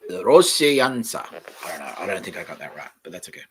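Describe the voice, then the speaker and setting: A man's voice: extremely low pitch, fairly even intonation, rapid-fire, bright, forceful tone. A man hosting a podcast, rambling offhandedly and joking as he reads aloud from a screen at home, often trailing off into mumbles. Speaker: podcast host. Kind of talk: rambling casual commentary while reading aloud.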